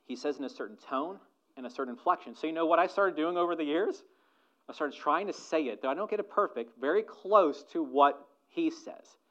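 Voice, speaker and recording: A man preaching a sermon as a pastor, moving between soft asides and loud emphatic lines and putting rhetorical questions to the congregation. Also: a little high, a little fast, muffled recording.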